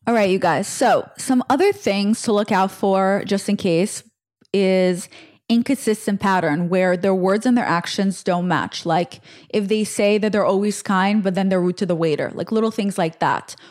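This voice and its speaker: A woman in her twenties hosting a podcast, telling a personal story in a chatty, animated way with lots of fillers. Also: medium pitch, moderate pace. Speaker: podcast host. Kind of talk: casual storytelling.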